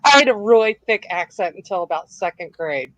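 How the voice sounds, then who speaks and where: A woman's voice: medium pitch, lively intonation, brisk, a bit bright, dull audio. A woman from Philadelphia chatting casually with dry, wry humor. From Philadelphia, USA. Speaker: podcast co-host. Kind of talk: casual chat.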